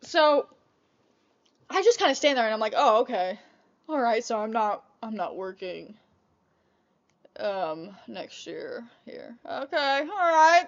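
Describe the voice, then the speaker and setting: A young woman vlogger telling a casual storytime about old jobs, chatty and animated, swearing often. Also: a little high, unhurried, dull audio.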